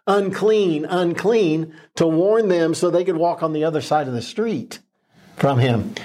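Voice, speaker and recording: A man's voice: fairly high pitch, a little mellow. A man co-hosting a casual Bible discussion podcast, talking earnestly and with emphasis, with many ums and restarts. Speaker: podcast co-host.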